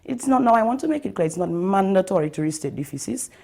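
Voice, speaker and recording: A woman's voice: expressive, gravelly, darkish tone. A woman teacher giving a recorded writing lesson to pupils, explaining step by step and often checking in with "okay?" and "all right?". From Dominica. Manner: stresses key terms by slowing down and lifting pitch.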